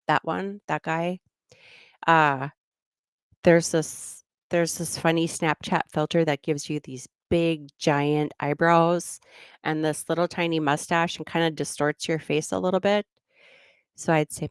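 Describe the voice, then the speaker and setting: Woman, middle-aged, low voice, casual rambling livestream chat, frequent laughter, dry close recording. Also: fairly even intonation, takes it slowly, clean tone, dry recording. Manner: rambling, laughs often, slips into goofy voices. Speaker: true crime channel host.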